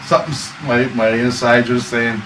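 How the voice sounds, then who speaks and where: A man's voice: mid-range voice, steady tone, moderate pace, a bit bright. A man telling a wild personal story in a casual interview, swearing, laughing often and acting out voices. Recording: echoey room, far from mic, noisy.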